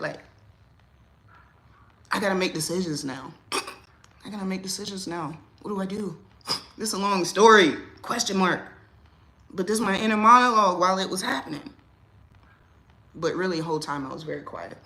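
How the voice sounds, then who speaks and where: A woman's voice: brisk, long pauses. A woman hosting a casual livestream, telling a story. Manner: animated, rising loud and high when riled. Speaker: livestream host.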